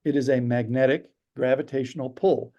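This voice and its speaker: Male guest storyteller, mid-range pitch, gravelly, animated delivery. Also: moderate pace. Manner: animated storyteller, acts out quotes. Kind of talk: casual interview chat.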